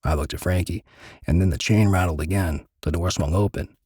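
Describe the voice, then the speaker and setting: A man reading a gritty first-person crime story aloud in measured, dramatic narration. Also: low-pitched, a little mellow, husky, dry recording, clean studio sound.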